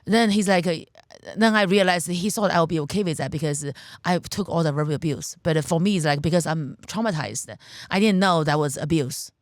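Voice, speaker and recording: A woman's voice: fairly low pitch, brisk, no echo, clean studio sound. A woman in her thirties from China, with a Chinese accent, telling her life story bluntly as a comedian guest on a podcast. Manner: candid, blunt storytelling with frequent restarts.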